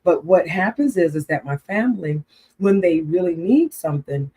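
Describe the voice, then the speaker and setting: A woman's voice: fairly low pitch, moderate pace, husky. A woman co-hosting a casual chat, telling a family story with lots of laughter. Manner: animated storytelling, laughs often. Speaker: co-host.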